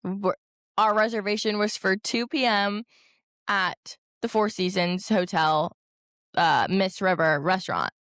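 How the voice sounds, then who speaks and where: A woman's voice: medium pitch, a little slow, fairly bright tone, clear, resonant tone, no echo, studio quality. A young woman, hosting a podcast and telling a story in a chatty way, with many fillers and mild swearing. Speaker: podcast host. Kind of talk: casual storytelling.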